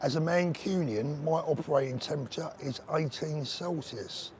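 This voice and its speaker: Streaming outdoors on a street, a chatty man with a slightly high voice reads live chat as he walks and banters with viewers by name. He talks at normal speed, and there's a little hiss or hum.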